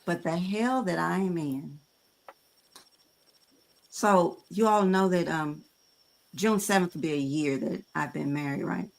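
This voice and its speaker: A woman's voice: fairly low pitch, a little slow, vocal fry, long pauses. A woman in her fifties co-hosting a podcast. She talks frankly and conversationally, with hesitant fillers. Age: 50s. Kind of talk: candid podcast chat.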